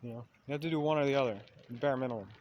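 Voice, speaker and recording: A man's voice: mid-range voice, racing, muffled recording, slight background noise. A man in a casual, rambling monologue, swearing freely and meandering through a running metaphor with self-aware asides.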